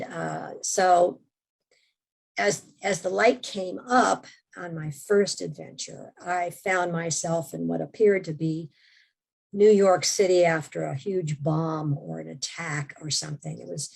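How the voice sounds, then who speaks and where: A woman guest on an interview podcast, telling a personal story in a lively conversational way, sometimes dropping to a hushed voice. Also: lowish voice, vocal fry, husky. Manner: animated storyteller, drops to hushed tones. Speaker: memoir author and interview guest.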